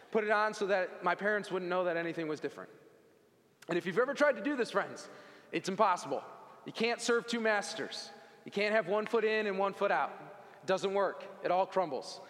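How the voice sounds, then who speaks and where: A man's voice: high voice, animated, a little fast, a bit bright, in a large hall. A man giving a personal faith testimony to an audience, telling it in an earnest, conversational way with casual asides.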